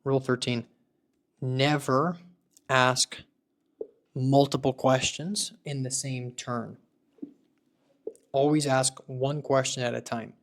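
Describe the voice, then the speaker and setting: A man's voice: medium pitch, little pitch movement, slow, long pauses. A man hosting a casual screen-recorded tech tutorial, thinking aloud as he tests and debugs a voice agent. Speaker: tech video creator building voice agents.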